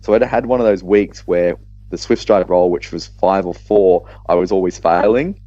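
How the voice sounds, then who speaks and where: An Australian man, co-host of a podcast, recounting a tabletop match in casual chat with animated storytelling and quick restarts. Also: low-pitched, dry recording, lo-fi sound.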